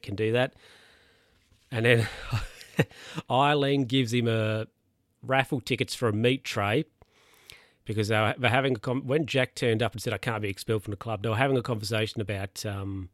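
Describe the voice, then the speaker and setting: A man's voice: mid-range voice, steady tone, moderate pace, no room sound, studio quality. Rambling man recapping a film. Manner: rambling, filler-heavy, self-correcting.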